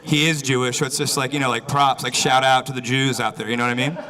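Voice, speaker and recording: A man's voice: mid-range voice, little pitch movement, fast, poor audio. A man doing a stand-up comedy set, talking loosely and rambling with lots of filler phrases before a live audience. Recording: live crowd audible. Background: audience laughter.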